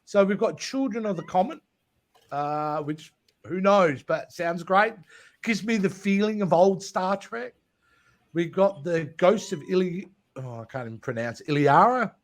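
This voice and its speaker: A man's voice: sits high, lively intonation, measured pace. An Australian man co-hosting a casual fan chat, enthusiastic and leading the talk. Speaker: podcast co-host.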